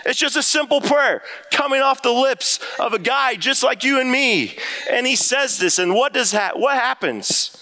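A man preaching a sermon to his congregation, earnest and emphatic, climbing high when he voices prayers. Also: animated, moderate pace, sharp tone. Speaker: pastor.

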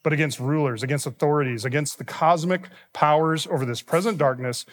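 Pastor preaching in an echoing sanctuary. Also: male voice, on the high side, a little fast. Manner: preaches with rising emphasis on quoted scripture. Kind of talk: sermon. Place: church sanctuary. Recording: long reverb of a church hall.

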